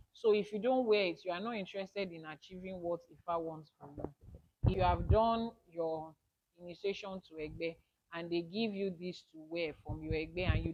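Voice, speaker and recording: A woman's voice: fairly low pitch, a little mellow. A woman leading a spiritual class, emphatic, repeating her key points and asking rhetorical questions. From Nigeria. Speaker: Ifa spiritual teacher. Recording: dull lo-fi audio.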